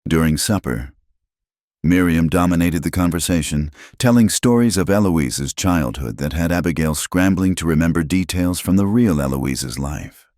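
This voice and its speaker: A man's voice: deep voice, expressive, normal speed, a little mellow, dry recording, clean studio sound. A man giving scripted, dramatic narration of a Western story.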